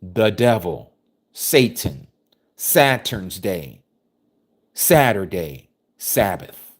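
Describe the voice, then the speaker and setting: A man's voice: fairly low pitch, very animated, extremely slow. A man preaching a scripture study, reading verses aloud and commenting on them with emphasis. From United States.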